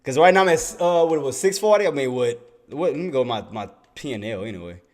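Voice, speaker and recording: Chatty and excitable, this man livestreams his day trading, laughing along with viewers and muttering to himself while scanning his screen. He speaks fast in a mid-range voice.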